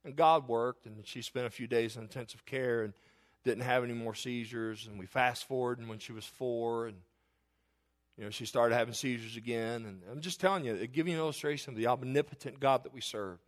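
A middle-aged male pastor telling a personal story in a sermon, earnest, rising to emphatic declarations and dropping to hushed tones. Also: mid-range voice, brisk.

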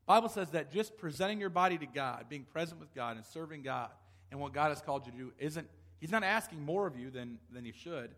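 A man's voice: on the high side, expressive, brisk, a bit bright. A male pastor preaching a sermon, emphatic, asking rhetorical questions and restarting phrases as he goes. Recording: long hall reverb.

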